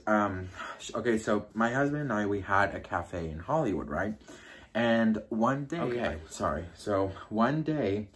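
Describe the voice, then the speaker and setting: Chatty gossiping man telling a story. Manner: chatty, gossipy, full of "like" and "you know"; breaks into high-pitched impressions when quoting people. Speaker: YouTuber. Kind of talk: casual storytime chat.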